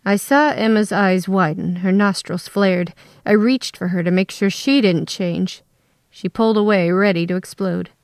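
A woman's voice: medium pitch, moderate pace, clean tone, dry recording. Woman narrating a story, dry and close. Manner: steady first-person storytelling. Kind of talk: scripted narration.

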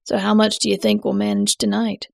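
A woman reading the part of an eccentric older man who summons floods, talking in a gruff, smug and scolding way. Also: medium pitch, monotone, fairly quick, no room sound, clean studio sound. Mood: proud.

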